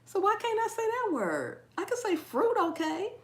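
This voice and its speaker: A woman's voice: very high voice, huge pitch swings, moderate pace, fairly bright tone, reverberant. A woman hosting a casual live chat with her viewers, laughing often at herself and tripping over a word she repeats. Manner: trips over words and repeats them. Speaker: cooking channel host.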